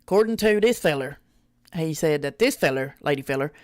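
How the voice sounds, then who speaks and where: Southern woman streamer, folksy and foul-mouthed, lively pitch swings, dry close sound. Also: fairly quick, no echo. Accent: rural Southern US. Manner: folksy, blunt, swears freely, laughs often. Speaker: streamer reacting with chat. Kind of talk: casual live reaction stream.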